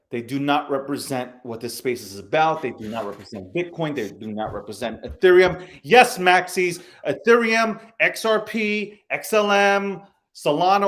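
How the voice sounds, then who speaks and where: A man hosting a podcast, ranting angrily and profanely, hammering his points home by repeating phrases. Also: fairly high pitch. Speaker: show host. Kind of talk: heated crypto podcast rant.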